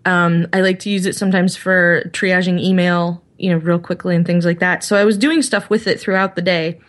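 A woman's voice: on the low side, level tone, fairly quick. A woman co-hosting a casual tech podcast, chatty as she explains things step by step. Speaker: podcast co-host.

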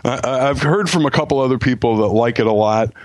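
A man's voice: medium pitch, quick pace, darkish tone, no echo. Guest author man, stammering enthusiasm. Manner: stammering restarts, enthusiastic self-promotion. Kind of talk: casual podcast chat.

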